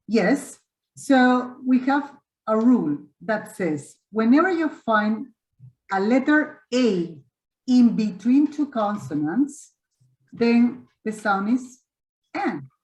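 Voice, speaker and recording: A woman's voice: a little high, animated, takes it slowly, darkish tone, roomy sound, low-quality recording. Encouraging woman teaching English online. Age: middle-aged. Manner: encouraging, repeats and corrects students. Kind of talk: online webinar class. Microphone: video call.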